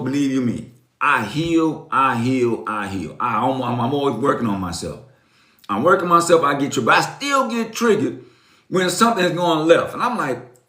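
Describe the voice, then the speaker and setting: A man's voice: a little high, pushed and bright, reverberant. A man in his fifties giving a motivational live-stream talk, preachy and emphatic, repeating lines and calling his viewers folks. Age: 50s.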